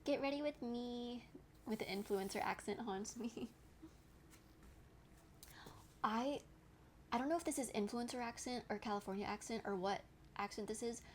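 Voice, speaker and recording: A woman's voice: fairly high pitch, moderate pace, pauses often, slight background noise. A young adult woman streaming, chatting casually with her viewers while she crafts, reacting to their comments and laughing often. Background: background music.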